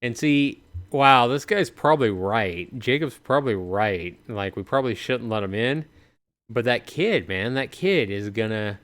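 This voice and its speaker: A tired, yawning livestreamer chats with his viewers during let's-play commentary, keeping things casual and talkative. His medium-pitched voice is expressive and fairly bright, moving a little slowly.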